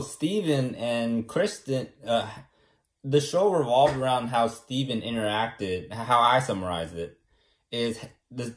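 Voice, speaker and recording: A young man from California talking casually to the camera, rambling and self-assured and often tagging his points with a question. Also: medium pitch. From California, USA. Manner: rambling and self-assured, keeps asking "right?". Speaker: vlogger.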